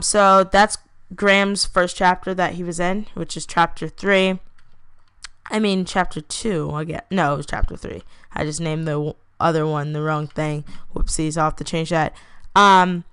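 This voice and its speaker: A woman reading her own fantasy story aloud, plainly and unhurried, pausing to correct herself. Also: on the low side, a bit bright, smooth, dry recording.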